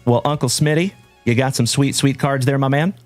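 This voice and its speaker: A man hosting a live trading-card stream, chatting warmly with viewers and giving shout-outs. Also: medium pitch, brisk, dry recording, soft background music. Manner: hearty, shout-outs full of "my brother" and "my man". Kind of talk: upbeat livestream chat with viewers.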